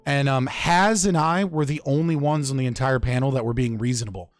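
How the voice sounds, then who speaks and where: A man's voice: medium pitch, brisk, no echo. A man hosting a podcast in casual chat, blunt and heavily profane, with rambling phrasing. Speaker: podcast host.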